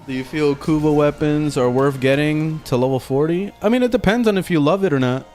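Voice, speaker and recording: A man streams a video game, chatting casually and telling an animated, swear-filled story while reading questions from chat. His voice is a little high and a little fast, with faint game music behind him.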